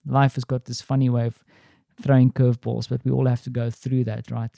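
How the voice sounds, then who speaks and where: Man, South African accent, middle-aged, mellow dark tone, easygoing rambling, dry close sound. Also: medium pitch, little pitch movement, fairly quick, gravelly, no echo. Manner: rambling, easygoing, many fillers. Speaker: podcast host. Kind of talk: casual spoken diary.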